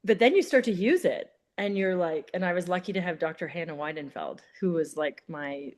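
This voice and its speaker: A woman naturopath as an interview guest, chatting casually and telling stories in an animated way, full of "like" fillers. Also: lowish voice, fairly quick.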